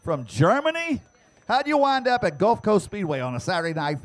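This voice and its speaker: A man announcing prize giveaways to the crowd at an outdoor dirt racetrack, teasing fans and shouting to get them to answer. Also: sits high, big pitch swings. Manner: loud, teasing, drawn-out shouting. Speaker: track announcer giving away prizes.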